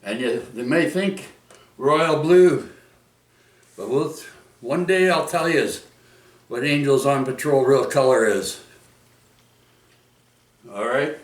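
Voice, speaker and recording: This middle-aged Canadian vlogger from Vancouver speaks in a mid-range voice at an unhurried, drawn-out pace, wandering through casual stories at home. He keeps breaking off to restart and drops in interjections such as "oi" and "right?". Sitting back from a distant mic, he picks up a roomy echo.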